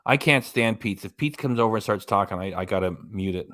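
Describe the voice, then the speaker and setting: A man's voice: fairly low pitch, brisk, a bit bright. A man hosting a live reaction stream, giving casual running commentary with dry asides and reading out quotes. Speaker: reaction channel host.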